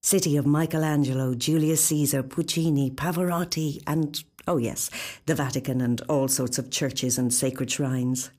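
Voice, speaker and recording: A woman reading a short story in a wry, confiding, expressive first-person narration, recorded in a studio. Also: rumbling low, moderate pace, few pauses.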